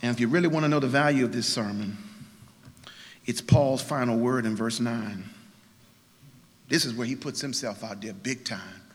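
A man preaching a sermon as pastor, emphatic, swinging between quiet and loud. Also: medium pitch, moderate pace, long pauses, long reverb tail.

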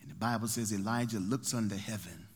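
A man's voice: lowish voice, brisk, slightly rough. A man preaching a sermon, retelling a story in a dramatic, folksy way. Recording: long hall reverb.

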